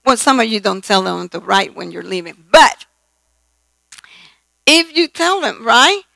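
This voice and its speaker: Older woman preacher, slow telling of stories, repeats lines to drive a point home, bright tone. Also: a little high, very animated, creaky, no room sound, rough recording. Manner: slow, storytelling, repeats phrases for emphasis. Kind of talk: sermon.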